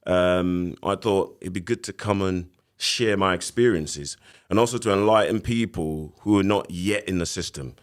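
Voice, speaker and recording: A man with a London accent in his thirties, a podcast guest telling his story in a casual, animated way. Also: low-pitched, moderate pace. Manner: animated retelling with acted quotes.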